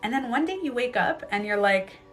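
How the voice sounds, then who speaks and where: A woman's voice: on the high side, brisk, soft background music. Chatty woman hosting a live stream. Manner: animated, chatty, laughs often, greets viewers. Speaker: live stream host, spiritual coach. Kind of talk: casual live-stream talk.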